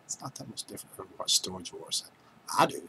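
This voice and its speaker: A man with a deep, gravelly, bright voice hosts a livestream, speaking fast and animatedly in a forceful tone. He chats casually and jokes with live viewers while reading their names aloud. The recording is rough, with a little hiss or hum.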